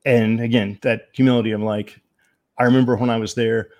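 A man talking as a podcast guest, telling his personal story in a candid, reflective, measured way with frequent pauses and ums. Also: medium pitch, level tone, a little mellow.

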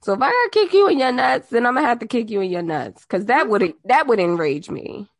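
A woman co-hosting a podcast in casual chat, blunt and emphatic, with a gravelly voice and plenty of swearing. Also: a little high, sing-song, fairly quick, no echo, clean studio sound. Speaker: podcast co-host.

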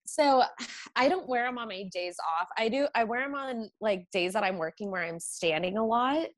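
A woman's voice: fairly high pitch, normal speed, no echo. A pregnant woman who works as a nurse, chatting casually and acting out her patients' requests as she tells her stories. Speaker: registered nurse guest. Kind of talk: casual chat.

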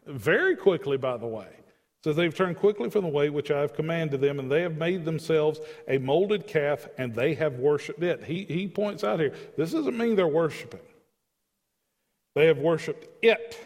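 Male Bible teacher, a bit higher voice, conversational and emphatic, reverberant hall sound. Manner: emphatic, conversational, reads scripture aloud.

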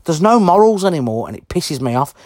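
A man's voice: fairly high pitch, big pitch swings, fairly quick, darkish tone, dry recording, studio quality. A man delivering an angry, heavily sworn ranting monologue to camera, blunt and indignant. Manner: heavy swearing, blunt and indignant.

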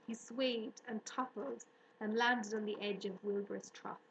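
A woman narrating an audiobook in a steady, even storytelling manner. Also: mid-range voice, measured pace, creaky. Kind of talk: audiobook reading. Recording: roomy room echo, faint hiss.

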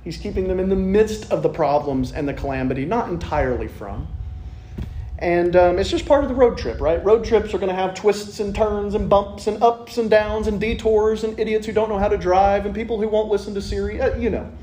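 Man with a high voice, preacher, chatty humorous sermon, echoey church room. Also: a little fast, dark tone, slight background noise. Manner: conversational and joking, with wry asides. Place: church sanctuary.

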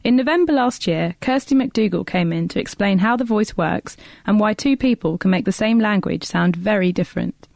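A woman presenter reads scripted links for a radio science show in a smooth, even way. Her voice has a gravelly edge and sounds dry and close. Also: medium pitch, normal speed, no echo.

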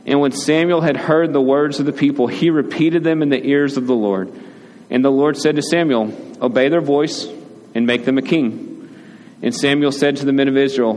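Man preaching a conversational sermon, mid-pitched voice, long hall reverb, faint background noise. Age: adult, father. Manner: conversational, animated preaching with frequent "right?". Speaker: pastor.

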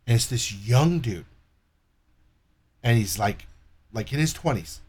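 A man telling a story in casual chat, animated and profane, acting out the people in it. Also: medium pitch, unhurried, slightly rough. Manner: profane, animated retelling with quoted dialogue.

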